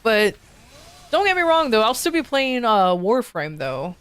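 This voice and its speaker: A woman's voice: fairly high pitch, very animated, measured pace, smooth. A woman streamer chatting casually with her viewers, playful and joking, laughing often. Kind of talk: casual live-stream chat.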